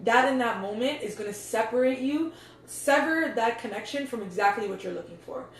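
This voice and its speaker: A woman's voice: a little high, expressive, brisk, recorded from a distance. Chatty, swearing young woman, echoey room. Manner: loose, chatty, swears freely, says "like" and "yo" a lot. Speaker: meditation coach. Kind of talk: casual vlog talk. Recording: echoey room, voice off-mic, faint noise.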